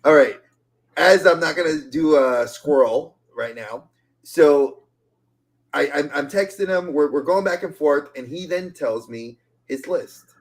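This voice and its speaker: A man co-hosting a casual podcast chat, telling stories with jokes and quick repeated restarts. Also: fairly high pitch. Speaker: podcast co-host.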